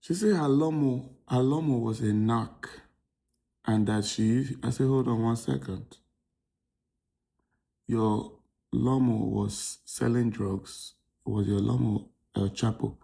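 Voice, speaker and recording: A man's voice: mid-range voice, slow pace, gravelly. A young Nigerian man telling a comic dating story as a podcast host, exasperated and often turning to the audience. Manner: exasperated, addresses audience as ladies and gentlemen.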